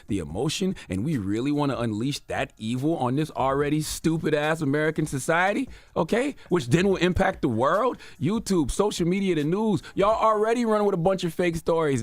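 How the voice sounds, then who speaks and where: A man's voice: mid-range voice, dry recording. Emphatic man ranting on the radio. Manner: emphatic, preachy, sarcastic. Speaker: radio show host. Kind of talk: radio commentary rant. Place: radio studio.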